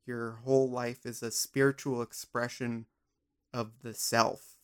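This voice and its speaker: A man's voice: mid-range voice, little pitch movement, unhurried, a bit bright, clear, resonant tone. A man hosting a casual podcast conversation, musing in a rambling, playful way. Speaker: podcast host.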